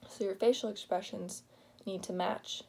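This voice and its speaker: A young woman giving an informal class presentation, explaining plainly with pauses and the filler "like". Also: medium pitch, steady tone, vocal fry, mellow, breathy edge. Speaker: student presenting a project.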